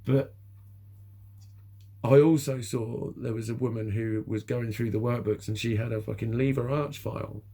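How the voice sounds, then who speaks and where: A man's voice: medium pitch, fairly even intonation, moderate pace, gravelly, mellow. A middle-aged man, talking candidly to camera in a rambling, sweary way, laughing often. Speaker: vlogger. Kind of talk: candid personal monologue.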